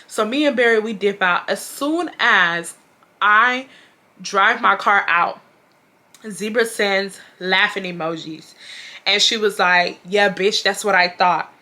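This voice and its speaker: Bright-voiced young woman from Texas. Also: mid-range voice, moderate pace. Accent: Southern US, Texas. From Houston, Texas. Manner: animated, profane, slangy, acts out quotes loudly. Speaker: storytime vlogger. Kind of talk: casual storytelling to camera.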